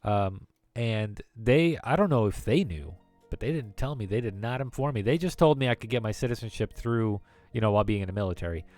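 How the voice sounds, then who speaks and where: A man in his late thirties from the former Soviet Union streams from home in a brisk, lowish, slightly mellow voice with few pauses. The recording is dry, with soft background music, and his chat is rambling, with frequent laughter and restarted sentences.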